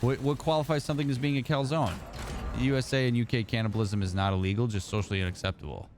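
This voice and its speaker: A man's voice: mid-range voice, steady tone, fast, noisy background. A man from Indiana, a therapist streaming a game, chatting casually and answering his chat as messages come in. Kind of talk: casual livestream chat while gaming.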